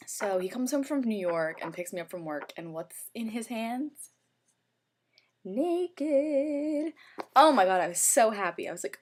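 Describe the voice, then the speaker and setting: A woman's voice: mid-range voice, very animated, normal speed. A young woman talking through her makeup in a casual review, gushing and chatty, with lots of "like" in her speech. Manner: gushing, chatty, heavy use of "like". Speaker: beauty vlogger.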